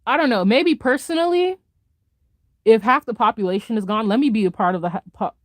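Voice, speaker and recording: A young adult woman live streamer, ranting in a casual, animated way with lots of slang and laughter while she reads chat. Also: on the high side, no room sound, clean studio sound. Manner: animated, fast-talking rant with frequent laughter and slang.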